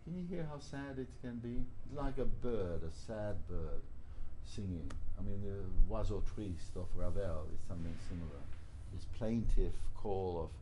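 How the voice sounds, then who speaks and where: A man's voice: on the low side, normal speed, slight background noise, rough recording. A man teaching a piano masterclass, coaching a student and singing phrases aloud to show how they should go. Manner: sings phrases to show them, coaxing. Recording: loud piano in the room.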